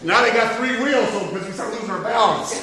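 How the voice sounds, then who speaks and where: A man's voice: sits high, fast, a loud crowd. A man telling a story to children in a playful way and asking them questions, heard from far off in an echoey hall. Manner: playful, asks the audience questions.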